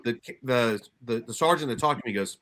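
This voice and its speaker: Speaking a little fast in a mid-range, fairly bright voice, a middle-aged former homicide detective shares candid stories at a workshop. He's blunt and profane, and he frequently starts over mid-thought.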